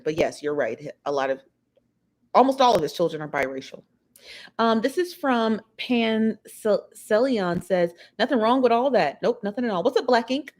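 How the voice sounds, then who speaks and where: A woman hosting a live stream, chatting her opinions and reading viewer comments aloud. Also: on the low side. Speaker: livestream host reading chat. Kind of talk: casual chat.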